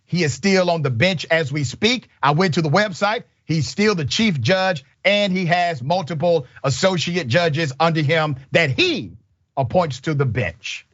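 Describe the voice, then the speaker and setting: A man's voice: fairly high pitch, a little slow, a bit bright, muffled recording. Emphatic man hosting commentary. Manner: emphatic, indignant, punchy short sentences. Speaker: show host. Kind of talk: opinionated news commentary.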